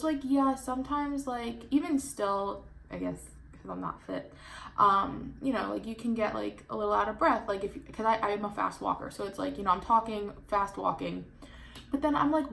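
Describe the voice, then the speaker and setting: A woman in her twenties telling a casual storytime vlog, chatty and animated, full of "like" fillers. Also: medium pitch, gravelly. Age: 20s. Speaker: vlogger.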